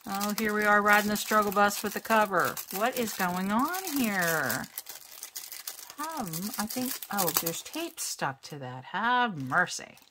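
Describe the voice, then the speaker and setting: A woman talks slowly and easily as she unboxes craft kits at home. She chats in a self-deprecating way, laughs often and muses out loud. Faint crinkling of packaging sits under her voice. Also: mid-range voice, expressive, noisy background. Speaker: crafting vlogger. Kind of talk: casual unboxing chat.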